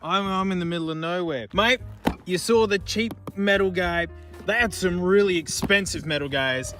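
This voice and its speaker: An Australian man chatting casually outdoors in remote bushland, rambling excitedly and joking with the things he finds. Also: high voice, moderate pace, faint music behind. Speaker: YouTube host. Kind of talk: casual vlog commentary.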